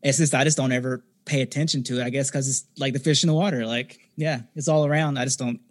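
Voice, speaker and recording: A man in his thirties, a podcast guest, talking casually in a halting way with many fillers and restarts. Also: mid-range voice, steady tone. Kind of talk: casual conversation.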